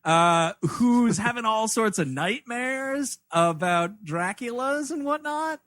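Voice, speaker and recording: A man's voice: very high voice, slow, no room sound, clean studio sound. A man co-hosting a comedy movie review podcast, talking casually, swearing and laughing a lot. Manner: profane, excitable, laughs often. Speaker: podcast co-host.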